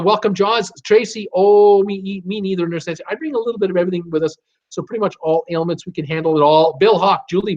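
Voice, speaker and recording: A man hosting a live stream, reading viewer comments aloud and greeting each viewer by name in a chatty, upbeat way. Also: high-pitched. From United States. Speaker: host of a live cruise Q&A stream. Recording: slightly dull, lo-fi stream audio.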